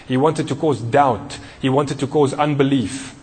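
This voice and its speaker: A man's voice: mid-range voice, steady tone, measured pace, darkish tone, big-room sound. A man preaching a sermon, emphatic and repetitive, putting questions to the congregation. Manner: emphatic, repeats key phrases, questions the congregation.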